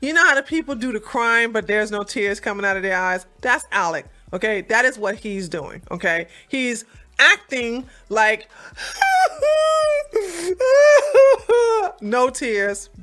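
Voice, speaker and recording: A woman hosting a reaction commentary, talking in a sassy, mocking, animated way. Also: medium pitch, normal speed. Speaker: commentary host.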